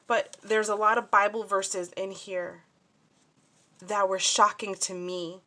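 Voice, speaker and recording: A woman's voice: medium pitch, level tone, slow, pushed and bright. Chatty woman showing off crafts. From New Jersey, USA. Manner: chatty, scattered, many fillers and restarts. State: upset and shaken. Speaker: crafting vlogger. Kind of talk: casual crafting show-and-tell.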